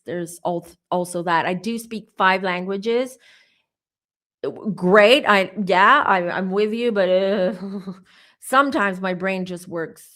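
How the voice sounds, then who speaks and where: A woman's voice: mid-range voice, a bit bright. A woman tarot reader with a mixed American and British accent, chatting casually with a livestream audience, rambling, often restarting and stumbling over her words. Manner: opinionated, rambling. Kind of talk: casual livestream chat answering comments.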